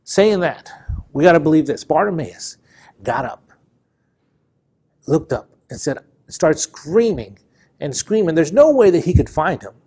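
A man preaching with a fairly high voice, building his points through repetition. He surges in volume on key words, then drops back low and earnest. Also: very animated, unhurried, pauses often, a little mellow, breathy edge. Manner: impassioned, repetitive preaching with rising and falling emphasis. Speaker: pastor. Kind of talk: sermon.

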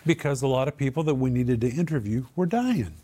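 A man's voice: medium pitch, expressive, brisk, dark tone. An older man and co-host teaching the Bible in a conversational way, stressing key words by repeating them.

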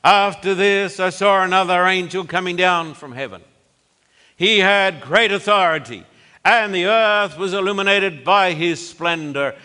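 A man preaching a sermon in an emphatic, deliberate way. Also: high voice, sharp tone, clear, resonant tone, long reverb tail.

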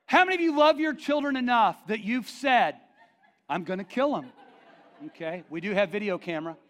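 A man pastor preaching a sermon in an animated, joking way. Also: very high voice, fast.

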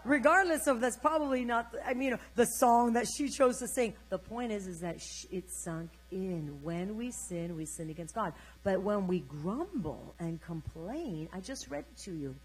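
An older woman preacher delivering an energetic sermon, urging the congregation to repeat her words. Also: medium pitch, normal speed, hardly any pauses, a little hiss or hum, poor audio.

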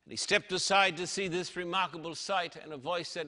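Male preacher, bright slightly high voice, slow emphatic sermon delivery, long hall reverb. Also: animated.

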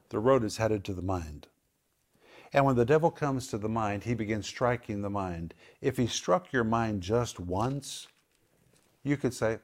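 A Bible teacher delivers scripture lessons on a broadcast program in an ordinary middle-pitched voice with a darkish tone. He drives his points home by repeating words and slows right down on key terms.

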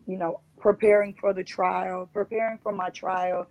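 A woman's voice: medium pitch, flat delivery, normal speed, a little mellow, poor audio. A woman guest on a talk show, earnestly recounting a personal experience and often repeating herself. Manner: earnest, repetitive storytelling.

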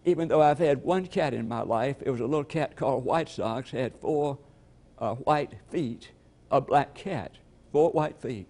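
An older man from Georgia preaches in an unhurried storytelling cadence. His voice is gravelly, with a mid-range pitch for a man. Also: a little mellow. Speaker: pastor. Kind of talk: sermon.

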